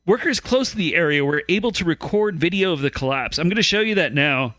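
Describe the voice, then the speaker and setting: Bright-voiced man presenting mock news. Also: a little high, lively intonation, no echo. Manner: steering the segment, slightly halting. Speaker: podcast host presenting news stories. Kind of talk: mock news reading and casual chat.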